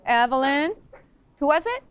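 A woman's voice: high-pitched, sing-song, measured pace. A woman teaching a social-emotional learning lesson in a school classroom, upbeat and coaxing, firing questions at the class.

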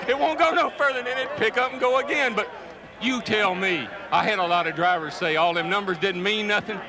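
A man's voice: high-pitched, a little fast. A man giving a post-race interview after winning, elated and disbelieving, rambling breathlessly. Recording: crowd and noise on the track.

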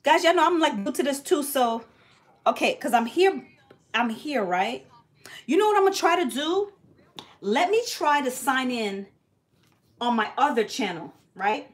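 A woman's voice: sits high, animated, unhurried, pauses often. A woman, chatting blunt and sassy on a livestream wig tutorial. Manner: loud sing-song greetings to viewers, sassy and blunt. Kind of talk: casual livestream chat.

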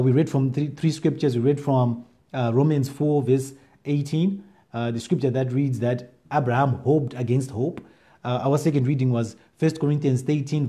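A man preaching an online sermon during lockdown, excited and reading scripture with lively emphasis. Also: medium pitch. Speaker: pastor.

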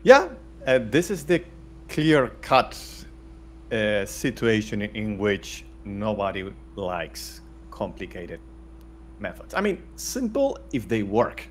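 Frank man, low voice. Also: very animated, slow pace, slight background noise. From Spain. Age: middle-aged. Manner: frank, blunt, with many restarts. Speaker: guest. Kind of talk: casual interview talk.

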